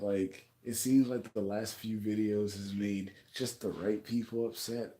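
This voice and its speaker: A man's voice: on the low side, mellow. A man venting to camera in a casual vlog, angry and profane, stumbling over restarts as he talks indoors in a rented home. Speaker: YouTuber.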